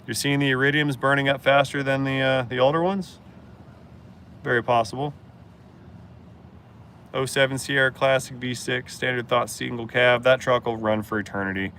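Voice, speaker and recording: A man's voice: mid-range voice, fairly even intonation, normal speed, long pauses, pushed and bright, a little hiss or hum. A man hosting a casual live-stream Q&A as a mechanic, blunt and joking as he answers chat.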